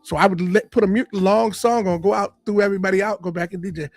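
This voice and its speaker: A man from Boston, a comedian and radio guest, telling lively stories in a casual interview. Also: high-pitched, fast talker, dry recording, soft background music. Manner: animated storyteller, lively and full of punchlines.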